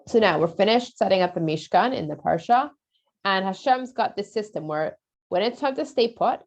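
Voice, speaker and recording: A woman teaching children in a lively, casual storytelling style. Her voice sits at a medium pitch, and the recording is a bit dull and lo-fi. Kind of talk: casual storytelling lesson for kids.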